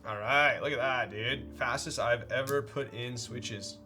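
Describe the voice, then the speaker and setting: A man's voice: mid-range voice, steady tone, unhurried, pushed and bright, soft background music. A man streamer talking casually while building a keyboard, rambling and playful, with lots of fillers. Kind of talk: casual live-stream chat.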